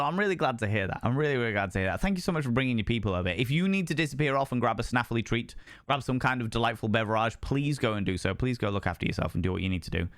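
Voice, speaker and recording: A young man hosts a casual live stream, chatting with his viewers in a playful, theatrical manner and swinging between thoughtful musing and flamboyant greetings. His voice sits fairly low but has a fairly bright tone. The recording is dry and studio quality.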